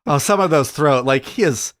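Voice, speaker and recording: A man co-hosting a podcast, telling stories in an excitable, animated way. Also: fairly high pitch, moderate pace, dry recording, clean studio sound. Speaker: podcast co-host. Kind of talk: casual chat.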